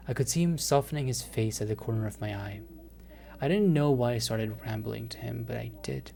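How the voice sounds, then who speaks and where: A man's voice: mid-range voice, wildly swooping pitch, brisk, creaky, warm tone, soft background music. A man reading a visual novel aloud, breaking off into flustered, jokey, stammering commentary. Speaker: gaming video creator.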